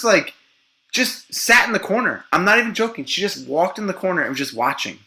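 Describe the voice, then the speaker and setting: A man telling a story as a guest in a casual podcast chat, animated and profane, acting out what others said. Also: high voice, fairly quick.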